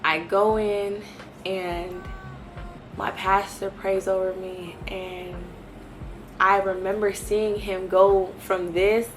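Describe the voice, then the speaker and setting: A woman in her early twenties giving an animated personal testimony and talking straight to her viewers. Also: mid-range voice, slow, over music. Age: early 20s. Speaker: vlogger sharing a faith testimony.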